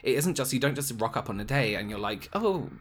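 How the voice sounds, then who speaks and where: A man, a makeup artist, retelling a work story in casual chat, animated and exasperated. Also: medium pitch, fast, a little hiss or hum.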